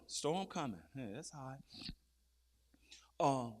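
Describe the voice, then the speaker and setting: A man preaching a fiery sermon, swinging from low murmurs to loud shouted peaks and calling out questions to his listeners. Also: expressive, moderate pace. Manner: calls out to the crowd with repeated questions.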